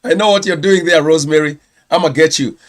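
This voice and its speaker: A man's voice: fairly high pitch, fast. A Kenyan man, a pastor, giving a chatty live-streamed news round-up and correcting himself as he goes. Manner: chatty, self-correcting, reads viewer comments.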